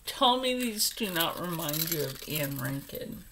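A middle-aged woman talks slowly through a casual jewelry unboxing, her voice a bit low and stuffy from allergies. She gushes over each piece and sometimes drops to a whisper. A faint noise runs under the recording. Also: big pitch swings. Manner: chatty, gushing over jewelry, drifts into whispers. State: congested from allergies. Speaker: vlogger.

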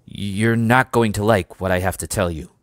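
A man's voice: fairly low pitch, fairly even intonation, moderate pace, dry recording, clean studio sound, lightly acted. A man doing a stiff, reluctant army major. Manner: stiff, quietly firm.

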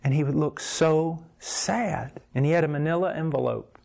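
A man preaching a sermon, telling a personal story with animated, passionate delivery that swells in intensity. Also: on the high side, moderate pace, vocal fry.

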